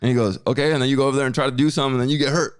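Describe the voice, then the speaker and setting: A man's voice: mid-range voice, very fast, clear, resonant tone. Guy on a podcast telling a wild story, lots of "he goes", voices the people in it. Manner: animated storyteller, acts out quotes, repeats words. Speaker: podcast co-host. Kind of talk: casual storytelling chat.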